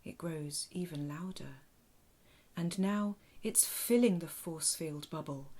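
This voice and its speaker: A woman telling a calm guided-imagination story to children in a soft, hushed, often half-whispered voice. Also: on the low side, slow.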